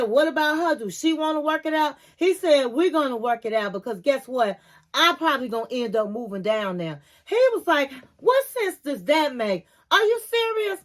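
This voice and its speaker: A woman hosting a casual TV recap, animatedly retelling scenes and acting out what people said, with opinionated asides. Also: sits high. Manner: animated storyteller, acts out quotes, opinionated asides. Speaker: reality TV recap host.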